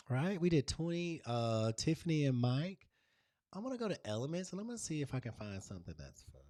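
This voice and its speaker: A man's voice: medium pitch, sing-song, fast talker, mellow, no echo. Guy walking folks thru a design tutorial, super chatty and gushy, dry dead room. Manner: chatty, gushing, playful asides to viewers. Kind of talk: casual screen-share tutorial.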